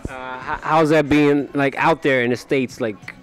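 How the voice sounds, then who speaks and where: A man's voice: medium pitch, fairly even intonation, a little slow, faint music behind. A man interviewing a rapper outdoors in a city, asking questions hesitantly with lots of fillers.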